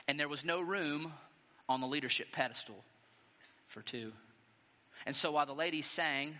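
A male pastor preaching a sermon with dramatic, animated storytelling and rhetorical questions. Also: medium pitch, big-room sound.

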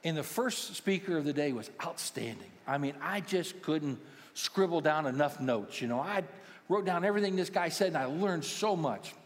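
A man in his sixties delivers a sermon from the stage, his fairly high voice carrying light, self-mocking humor. He talks like a pastoral care minister sharing stories with a congregation. Long church-hall reverb hangs behind every phrase. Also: animated, normal speed. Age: 60s. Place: large church auditorium.

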